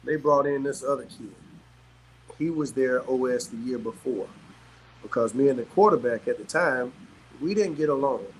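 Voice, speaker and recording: A middle-aged man from South Carolina, telling stories as a guest in casual chat, animated and quick to laugh. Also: medium pitch, husky, poor audio. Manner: animated, laughs often, peppers talk with "man". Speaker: guest, former pro athlete. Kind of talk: casual storytelling.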